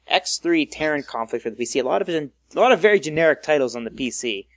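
A man hosting a casual gaming podcast, reading through a list briskly and joking with his co-hosts. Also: a little high, expressive, no echo. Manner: reads a list briskly, jokey. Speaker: podcast host.

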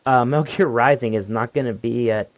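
A man's voice: mid-range voice, a little fast, no room sound, muffled recording. A man co-hosting a casual gaming news podcast, laughing often and reading listener comments aloud. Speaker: podcast co-host. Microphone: headphones and desk mic.

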